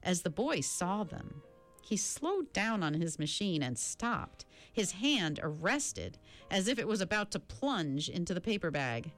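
Expressive woman narrating a storybook. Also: measured pace, soft background music. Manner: expressive reading with a lively pitch. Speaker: audiobook narrator.

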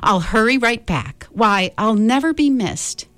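A woman reading aloud gives voice to a lazy storybook mother bird who is tired and bored of sitting on her egg. She wheedles and pleads in a lilting sing-song, her pitch leaping around, her delivery slow. Soft music hums faintly behind. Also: lively intonation, no echo. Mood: wheedling.

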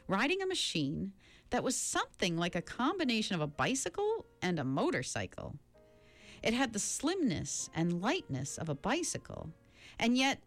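A woman narrating a children's novel in an expressive reading voice. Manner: expressive reading with a lively pitch. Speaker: audiobook narrator. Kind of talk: storybook narration.

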